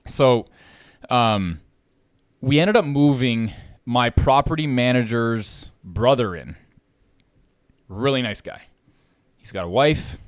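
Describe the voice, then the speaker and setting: A man hosting a podcast, telling a landlord story in a loose, animated way, swearing freely and getting louder as he gets riled up. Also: medium pitch, slow pace, long pauses, no echo, studio quality. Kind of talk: casual podcast chat.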